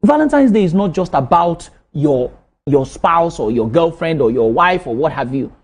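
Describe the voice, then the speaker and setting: A man talking on a studio panel show, emphatic and animated, often repeating himself to keep the floor. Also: on the high side, normal speed.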